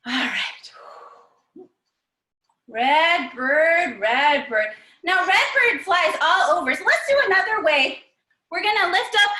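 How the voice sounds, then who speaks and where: A young woman leads children through a story-time yoga class. Her voice is very high, bright and clear. She talks slowly in a sing-song, encouraging way, recorded on a computer microphone. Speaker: kids' yoga teacher. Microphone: computer mic.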